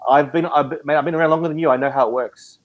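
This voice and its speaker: A man's voice: fairly high pitch, steady tone, very fast, lo-fi sound. A man arguing heatedly on a live stream. He is emotional and passionate, and he stammers and repeats himself. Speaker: watch community member.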